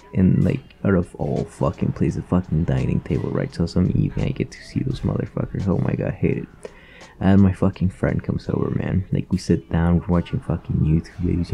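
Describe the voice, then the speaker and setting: A man's voice: low-pitched, vocal fry, mellow. A young man vlogging a rambling, profane storytime rant, full of fillers and asides.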